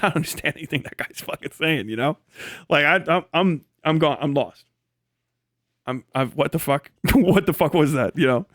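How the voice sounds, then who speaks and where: A man streaming live in a loose, rambling way, swearing freely and breaking into laughter. His voice sits a bit high for a man and sounds dry and close to the mic, with no room around it. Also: a bit bright, dry recording. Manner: rambling, profane, laughs often. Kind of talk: casual livestream commentary.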